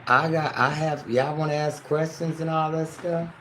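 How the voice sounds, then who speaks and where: A livestream host in his home kitchen speaks at normal speed in a slightly high, fairly bright voice with fairly even intonation. He rambles loosely, swears freely and talks straight to his chat. The echoey room carries background noise.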